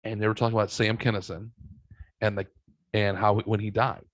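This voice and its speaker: A man's voice: lowish voice, brisk, no room sound. Swearing storyteller guy, dry mic. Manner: animated storytelling, swears freely. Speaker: podcast host. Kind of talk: casual chat.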